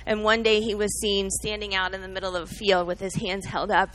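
A woman's voice: medium pitch, flat delivery, fairly quick, fairly bright tone, slight background noise, rough recording. A middle-aged woman giving an earnest, emotional sermon-style talk, telling a story and teaching from the Bible, calling out to listeners by name. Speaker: speaker at a church gathering.

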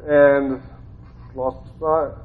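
A man's voice: medium pitch, flat delivery, drawn-out words. A man from Ohio, a former school teacher, gives an informal Bible talk in a conversational way and often repeats his phrases. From Ohio, United States. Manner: conversational, repeats phrases, grows more fervent. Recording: tinny phone-like sound.

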